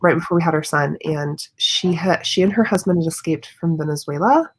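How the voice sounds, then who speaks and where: Woman guest, lower voice, earnest and conversational, filler-heavy. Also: fairly quick, breathy edge. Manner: earnest, thoughtful, with many fillers. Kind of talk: casual live chat.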